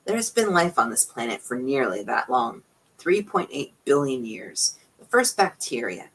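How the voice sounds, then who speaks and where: A woman's voice: extremely low pitch, big pitch swings, normal speed, breathy edge, exaggerated voice, low-quality recording. A woman voicing a weary, scornful male mathematician who lectures with sighs in a storybook reading. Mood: lecturing.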